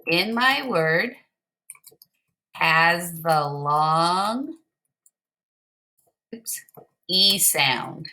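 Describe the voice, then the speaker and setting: A woman teacher leads young pupils through a recorded word game, speaking slowly and patiently. Her voice is bright and clear and sits a little low in pitch. Every instruction is spelled out step by step. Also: animated.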